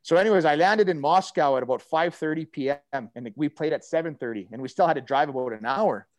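A man's voice: fairly high pitch, quick pace, dry recording. A middle-aged man, a former hockey player telling a long story in a casual chat, full of fillers and restarts. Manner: rambling, animated storyteller with many fillers and restarts.

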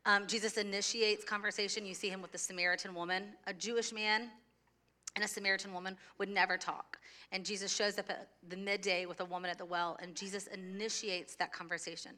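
A woman's voice: mid-range voice, little pitch movement, a little fast, sharp tone. A woman pastor preaching a sermon to a church congregation in a conversational way. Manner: conversational, laughs easily, sings a children's song. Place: church sanctuary.

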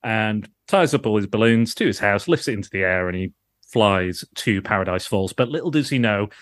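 With a lowish, animated voice at normal speed, this podcast co-host chats casually, rambling along, poking fun at himself, and frequently swearing and laughing. He's an adult who grew up in the nineties, heard in a dry recording.

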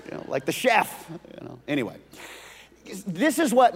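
A male pastor preaching a sermon, moving between hushed whispers and loud, emphatic bursts, often repeating words. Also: on the high side, huge pitch swings, measured pace, husky. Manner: repeats words and restarts phrases. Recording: long reverb of a large hall.

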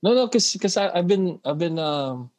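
A man who is a father of daughters, co-hosting a casual podcast chat and talking in halting bursts with many restarts and self-conscious laughs. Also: high-pitched, lively intonation, darkish tone, no echo. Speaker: podcast co-host.

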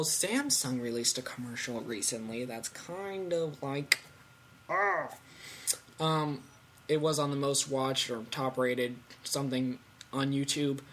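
A fifteen-year-old boy hosting a casual tech podcast from home, rambling and excitable with lots of fillers. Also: medium pitch, slight background noise. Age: teens. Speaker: podcast host.

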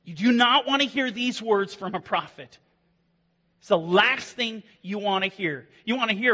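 A man preaching a sermon as pastor, impassioned, swinging from hushed passages to loud declarations. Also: sits high, moderate pace. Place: church. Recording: long reverb of a hall.

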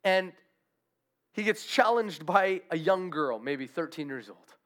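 A man preaching a sermon, telling a Bible story with animated, acted-out quotes. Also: sits high, unhurried. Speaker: pastor.

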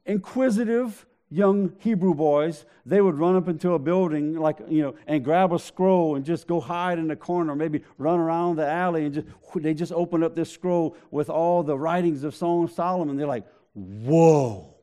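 A man's voice: on the high side, fairly even intonation, brisk, hardly any pauses, mellow, smooth. A man preaching a sermon, joking with the congregation in a conversational way. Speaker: pastor.

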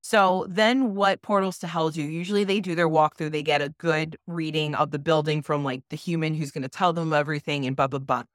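A woman with a low voice tells a ghost story in an animated, casual way and swears freely. The sound is dry and close. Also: a little fast, few pauses, dry recording. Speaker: podcast co-host. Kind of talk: casual chat.

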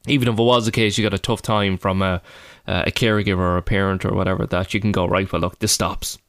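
A man's voice: lowish voice, fairly even intonation, quick pace, clean tone, dry recording, studio quality. A man in his thirties with an Irish accent, co-hosting a podcast in a rambling, chatty way full of fillers. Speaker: podcast co-host. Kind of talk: casual podcast chat.

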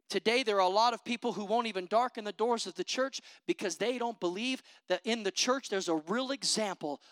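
A preacher's impassioned sermon comes through with no echo. He calls out for amens and shifts back and forth between loud declarations and low conversational asides.

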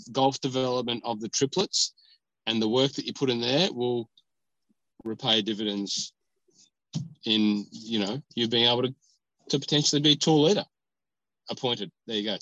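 A man's voice: mid-range voice, normal speed, a bit bright, no room sound, highs cut off. A man chatting as a podcast host, rambling and joking while sitting in a parked car. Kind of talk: casual chat.

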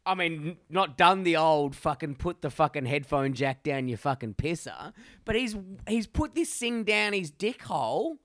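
A man's voice: fairly high pitch, sing-song, normal speed, hardly any pauses, fairly bright tone, dry recording, studio quality. A young man co-hosting a podcast, telling rambling crude stories and swearing constantly. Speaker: podcast co-host. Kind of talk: casual chat.

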